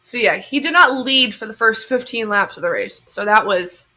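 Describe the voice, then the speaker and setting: A young woman co-hosting a podcast, telling stories in an animated way and laughing often. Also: on the high side, moderate pace. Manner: animated storytelling with frequent laughs. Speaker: podcast co-host. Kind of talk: casual chat.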